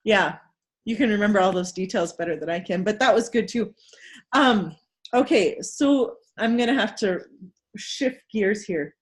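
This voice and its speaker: A woman hosting a casual recap chat, telling a story in an animated way and acting out the people in it. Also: medium pitch. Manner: animated storytelling, acts out quoted people, laughs often.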